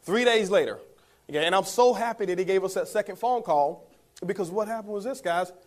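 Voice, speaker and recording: A man's voice: high voice, quick pace. A man giving a motivational talk, telling his story to the audience, calling them guys and chuckling as he goes. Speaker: network marketing speaker.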